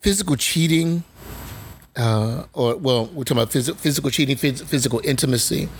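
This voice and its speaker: A man speaking as a guest coach in a relaxed discussion, weighing his words with frequent ums and pausing to draw careful distinctions. His voice is an ordinary mid pitch, with a faint hiss of noise beneath it. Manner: measured, hesitant, corrective. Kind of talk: casual chat.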